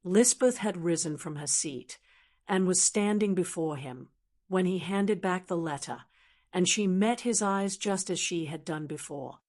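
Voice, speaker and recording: A text-to-speech woman's voice narrating a classic novel as an audiobook, in an even, measured way. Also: on the low side. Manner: even, measured synthetic delivery. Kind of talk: scripted narration.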